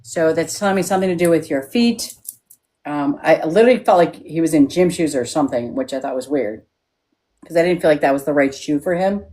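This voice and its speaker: A woman's voice: low voice, brisk, dark tone. A woman working as a psychic medium on a live stream, frank and checking in with yes-or-no questions.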